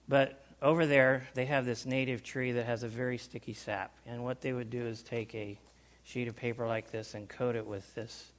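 A man telling a personal story to a small group, animated, with loudness swinging up and down and sounds acted out. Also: mid-range voice. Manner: animated, loudness rising and falling, acts out sounds. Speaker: speaker recounting life overseas.

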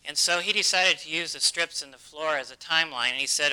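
A man's voice: fairly high pitch, fast talker, few pauses, bright, forceful tone, clear, resonant tone, rough recording. A man preaching a sermon, telling stories in an earnest way. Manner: earnest storytelling.

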